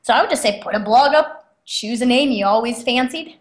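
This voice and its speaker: A young adult woman with a slightly high voice, chatting animatedly as a guest on an interview show. She laughs often as she talks. The room gives her voice a clear echo. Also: fairly quick. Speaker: guest author. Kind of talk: casual interview storytelling. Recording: roomy echo.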